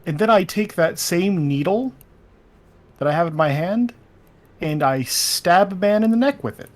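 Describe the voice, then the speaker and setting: A man playing a tabletop game, lively and joking. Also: sits high, normal speed. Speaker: player. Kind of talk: casual tabletop play.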